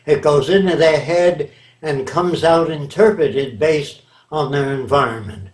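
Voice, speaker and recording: A man's voice: fairly high pitch, unhurried. Older man lecturing emphatically in a roomy space. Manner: lecturing, emphatic, asks rhetorical checks. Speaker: interviewee. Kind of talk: reflective interview answers. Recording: roomy echo.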